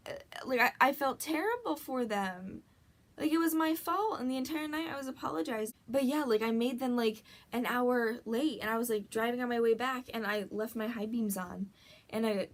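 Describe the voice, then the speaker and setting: A woman's voice: mid-range voice, a bit bright. Rambling young woman vlogger telling a story. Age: young adult. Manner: rambling, filler-heavy, breathless retelling with many "like"s. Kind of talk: casual storytelling vlog.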